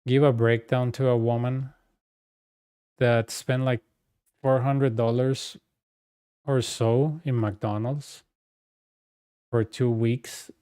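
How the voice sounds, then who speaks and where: A young male streamer talks casually over his gameplay, telling stories in a relaxed, chatty way. His voice is warm and smooth, recorded dry and close with no room sound. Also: mid-range voice, slow, pauses often, no room sound. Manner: chatty storyteller, loose and conversational. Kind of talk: casual chat while playing a game.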